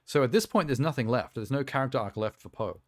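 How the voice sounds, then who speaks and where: A man's voice: mid-range voice, expressive, fast talker, no room sound. A man streaming casual reaction chat, rambling and offhand with lots of fillers, talking around a sour lolly in his mouth.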